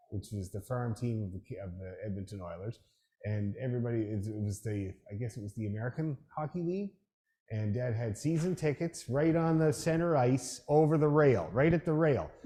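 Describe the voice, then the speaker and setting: A middle-aged man leading a fiddle rehearsal and telling a story in a chatty, dryly humorous way, breaking into loud imitations of the people he quotes. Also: mid-range voice. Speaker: orchestra leader.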